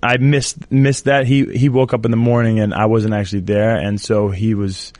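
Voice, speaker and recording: A man, a fighter guest in an interview, speaking haltingly and getting choked up. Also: on the low side, flat delivery, mellow, no room sound. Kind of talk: casual interview talk.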